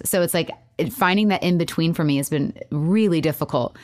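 A woman talking through a painful separation, halting with many restarts and quoting herself. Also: low-pitched. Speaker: caller seeking advice. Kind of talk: emotional personal conversation.

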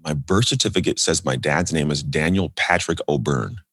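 A man with a low, slightly husky voice talks quickly and animatedly, telling a personal story as a podcast guest. He slips into other people's voices as he quotes them. The sound is close and dry. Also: a bit bright, no echo. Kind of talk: storytelling in a casual interview.

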